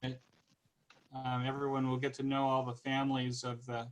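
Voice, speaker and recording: A man with a Californian American accent speaks casually over a video call. He talks at a middle pitch and often stumbles and restarts phrases. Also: steady tone, rough recording. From United States. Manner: halting, many restarts. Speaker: guest speaker.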